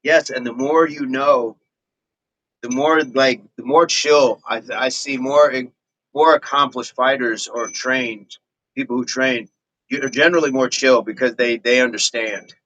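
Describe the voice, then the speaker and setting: A man's voice: medium pitch, fairly even intonation, measured pace, fairly bright tone, lo-fi sound. A man hosting a fitness livestream in casual chat, reading viewer comments in a laid-back, rambling way and chuckling often. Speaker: fitness channel host.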